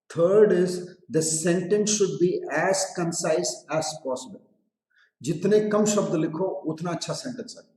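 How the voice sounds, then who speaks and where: A man with an Indian English accent teaches a live online English lesson, explaining patiently, repeating phrases, and questioning his students directly, sometimes slipping into Hindi. His voice is fairly high and a little mellow, recorded in an echoey room.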